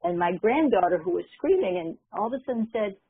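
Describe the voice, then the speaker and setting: An older woman, a guest minister and spiritual teacher, telling a story in a gentle, reflective way with frequent pauses. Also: mid-range voice, lively intonation, husky, no room sound. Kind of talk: conversational storytelling. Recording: phone-line audio.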